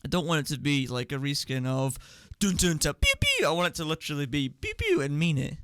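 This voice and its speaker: A young man co-hosting a casual gaming radio chat, joking and animated. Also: on the high side, quick pace, smooth, no room sound, studio quality. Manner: animated, jokey, bursts into silly voices. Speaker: radio show co-host.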